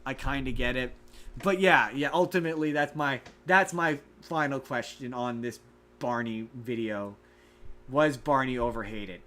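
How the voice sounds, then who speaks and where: A man casually recapping a movie on a podcast, animated and acting out the characters' lines. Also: a little slow. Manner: animated, acts out quoted lines in high voices. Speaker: podcast co-host.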